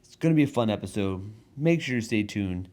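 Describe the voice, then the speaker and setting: Young man, podcast host, low voice, mellow tone, casual rambling storytelling. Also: expressive, fairly quick. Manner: rambling storytelling with many restarts and chuckles. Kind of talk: casual comedic monologue. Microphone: studio mic in front of a backdrop.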